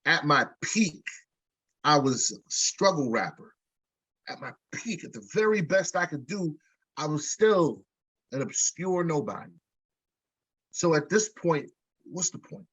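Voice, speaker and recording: A man's voice: on the high side, lively intonation, measured pace, long pauses, fairly bright tone, slightly rough, no room sound. A rapper being interviewed, telling a long story in a loose, jokey, profane way, stumbling and restarting as he goes. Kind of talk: casual storytelling. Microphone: video call. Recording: dull lo-fi video call audio.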